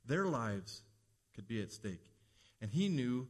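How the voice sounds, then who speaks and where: A man's voice: medium pitch, very animated, slow pace, pauses often, husky. A man preaching a sermon as pastor, earnest and rising to emphatic peaks.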